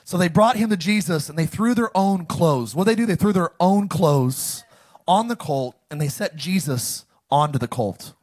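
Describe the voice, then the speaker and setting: This man sits high in pitch and keeps a moderate pace as he preaches, reading from scripture and having the congregation echo his words. Now and then he erupts into sudden, loud, animated lines.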